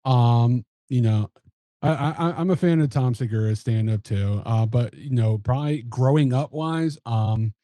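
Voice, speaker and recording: A man's voice: medium pitch, measured pace, mellow, dry recording. A man, a comedian and podcast co-host, chatting casually and laughing through his stories on a podcast mic. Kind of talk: casual chat.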